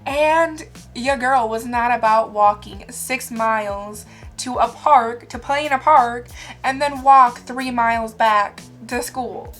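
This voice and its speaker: A woman's voice: fairly high pitch, slow, fairly bright tone, soft background music. Chatty self-mocking young woman. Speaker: vlogger. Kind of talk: casual storytelling to camera.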